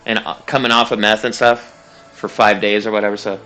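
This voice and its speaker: A man's voice: fairly low pitch, little pitch movement, brisk, pushed and bright, smooth. A young man streaming a game, telling a long story casually, rambling and swearing with lots of fillers and laughs. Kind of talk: casual storytelling while gaming.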